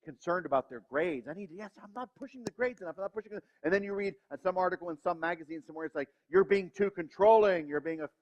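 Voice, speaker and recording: A man's voice: sits high, rapid-fire, few pauses. A male pastor giving a sermon in a church, self-deprecating and acting out the voices in his head. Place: church sanctuary. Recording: reverberant hall, dull lo-fi sound.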